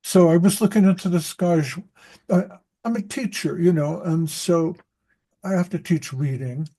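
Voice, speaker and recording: At a group meeting, a man who teaches reading speaks at a moderate pace in a mellow voice that sits high. His casual talk rambles, and he interrupts himself, repeatedly restarting his sentences as he tells stories.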